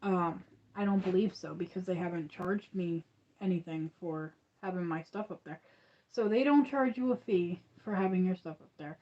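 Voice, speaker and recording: A woman's voice: fairly low pitch, moderate pace, muffled recording. A woman hosting a crochet channel, chatting casually on a livestream, rambling and restarting with lots of fillers.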